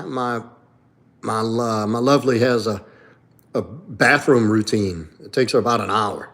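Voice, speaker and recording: In casual livestream chat, a host and coach with a voice on the low side, a bit bright, speaks at a measured pace. He takes viewers' questions from chat and answers them bluntly, profanely, and with strong opinions.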